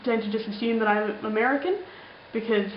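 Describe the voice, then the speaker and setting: A woman's voice: a little high, a little fast, slight background noise. A young woman with an Australian accent, chatting casually as she answers viewer comments in a rambling, playful way with lots of ums. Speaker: vlogger. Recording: roomy, slightly dull home recording.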